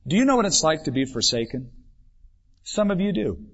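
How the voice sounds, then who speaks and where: A man preaching a sermon as pastor, building his voice up for emphasis and then dropping it low and quiet. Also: sing-song, brisk, breathy edge. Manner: dramatic preaching, swells and drops for emphasis. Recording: dull lo-fi 1996 church recording.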